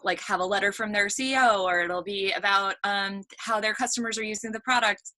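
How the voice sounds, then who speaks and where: A woman's voice: mid-range voice, steady tone, brisk, bright, forceful tone, dry recording. A woman, a marketing leader, talking casually as a podcast guest and laughing easily. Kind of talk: casual interview chat.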